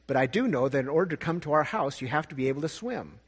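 Man doing a husky, no-nonsense beaver, polite and plain, with long reverb. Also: fairly high pitch, expressive, fast. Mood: matter-of-fact. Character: matter-of-fact male beaver, polite.

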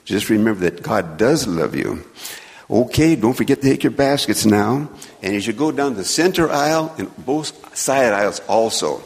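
A man telling a children's story in church, a folksy, gently joking storyteller. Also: on the low side, animated, moderate pace, creaky. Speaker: children's sermon speaker. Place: church sanctuary. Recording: long church reverb.

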